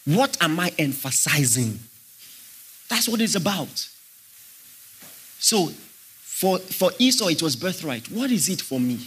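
Lively, bright-voiced male preacher. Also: on the high side, slow, pauses often, husky. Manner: emphatic preaching, questions to the congregation. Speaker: pastor. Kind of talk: sermon.

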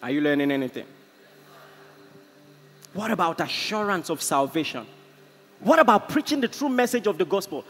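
High, bright-voiced Nigerian preacher in a hall. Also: male voice, big pitch swings, moderate pace, pauses often, slightly rough. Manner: impassioned, storytelling preaching. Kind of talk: sermon. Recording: echoey hall, faint ambience.

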